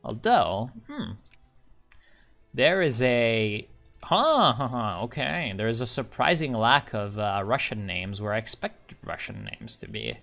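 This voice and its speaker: A man's voice: medium pitch, expressive, measured pace, vocal fry, pushed and bright, faint music behind. A man rambling casually through a game commentary as a channel host, muttering to himself and swearing when things go wrong.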